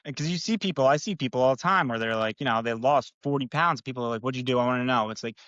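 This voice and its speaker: Guest spot: young male trainer, quick rambling upbeat talk, dry slightly dull audio. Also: medium pitch, a bit bright, no room sound. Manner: rambling, upbeat, many fillers like "you know". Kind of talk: casual podcast conversation.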